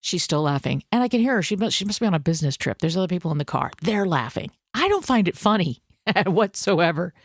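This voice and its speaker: Lively storytelling woman, low dry voice. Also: fast, no room sound. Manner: animated, self-deprecating, acts out her own panic. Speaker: podcast host. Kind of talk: casual personal storytelling.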